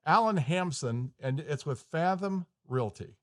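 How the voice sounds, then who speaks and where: A man's voice: a little high, lively intonation, measured pace, fairly bright tone. A man in his fifties hosting a podcast from a studio, chatty and self-deprecating, joking about his own slips. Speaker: podcast host, mortgage lender. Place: recording studio.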